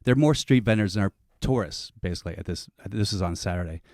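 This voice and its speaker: Low-voiced man, rambling comic storyteller. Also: animated, fast talker, a little mellow, dry recording. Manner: rambling, self-interrupting storytelling with restarts. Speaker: comedian telling a story.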